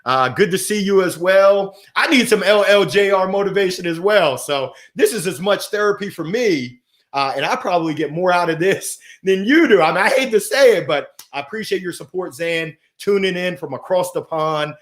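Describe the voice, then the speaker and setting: A man hosting a motivational livestream, talking with playful energy and giving shout-outs to viewers. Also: high-pitched, lively intonation, moderate pace. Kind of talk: upbeat motivational livestream talk. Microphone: gold microphone.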